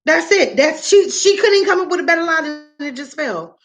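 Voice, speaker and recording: A woman's voice: extremely high pitch, lively intonation, moderate pace, a bit bright. A woman in her thirties, a mother on a casual livestream, venting in a profane, rambling, exasperated way. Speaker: livestreaming parent. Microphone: phone or webcam, livestream.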